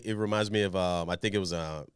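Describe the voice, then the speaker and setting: A man's voice: sits low, fairly even intonation, quick pace, smooth, dry recording, studio quality. A man co-hosting a podcast in casual chat, mostly giving brief agreeable replies. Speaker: podcast co-host.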